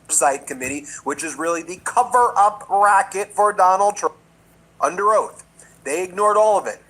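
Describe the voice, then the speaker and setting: Politician, man, high-pitched, combative and mocking public speaker. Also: expressive, normal speed, bright, forceful tone, rough recording. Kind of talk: public speech.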